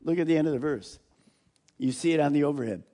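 A middle-aged male pastor preaching a sermon, reading scripture aloud with swings between loud declaration and hushed asides. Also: a little high, fast. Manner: animated preaching, voices scripture loudly then drops to hushed asides.

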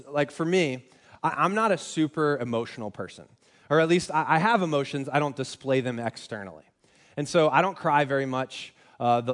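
A young man preaching a sermon in a conversational, self-deprecating way, with frequent restarts. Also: medium pitch. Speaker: pastor.

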